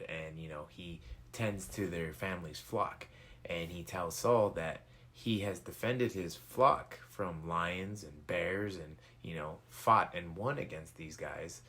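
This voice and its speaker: Casual male storyteller, slangy and relaxed, deep gravelly voice. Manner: laid-back and slangy, many fillers. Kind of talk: casual Bible story retelling.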